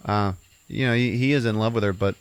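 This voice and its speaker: A man's voice: fairly low pitch, steady tone, fairly quick, smooth, dry recording. A man hosting a podcast, casually recapping a film in a rambling way with the odd swear. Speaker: podcast host.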